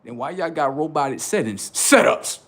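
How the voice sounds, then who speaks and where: A young man ranting in a loud comedic streetwise voice, swearing and swinging between high outbursts and low mutters. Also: lively intonation, normal speed. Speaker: comedic streamer. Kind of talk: comedic rant with character bits.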